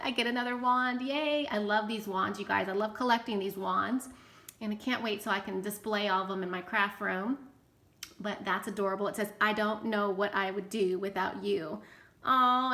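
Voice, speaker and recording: A woman's voice: mid-range voice, pushed and bright. A woman hosting a casual craft vlog, gushing with delight and exclaiming often as she shows off handmade tags she received in the mail. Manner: gushing, enthusiastic, lots of "oh my goodness". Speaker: craft channel host. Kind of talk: casual show-and-tell vlog. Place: indoors near bright sunlight.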